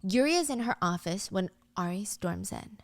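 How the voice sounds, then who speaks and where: A woman giving a casual, gossipy, animated recap of a drama's plot. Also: mid-range voice, normal speed, no room sound.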